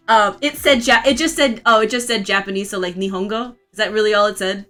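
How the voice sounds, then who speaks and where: A woman's voice: medium pitch, expressive, moderate pace, fairly bright tone, soft background music. A young woman from Florida with a vaguely Southern accent, rambling and laughing as she chats casually with her stream while drawing. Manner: rambling, giggly, chatty.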